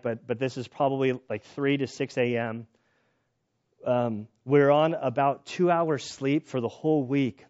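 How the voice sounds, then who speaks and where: A middle-aged man preaching a sermon in a conversational, animated storytelling way with restarts. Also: mid-range voice. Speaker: pastor. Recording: dull lo-fi recording.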